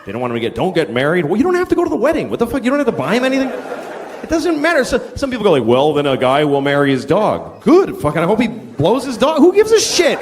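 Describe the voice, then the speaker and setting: A middle-aged man doing a stand-up comedy set, ranting and swearing and acting out shouted characters. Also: very high voice. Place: large theater with a laughing audience. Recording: live theater recording, hall echo, crowd laughter.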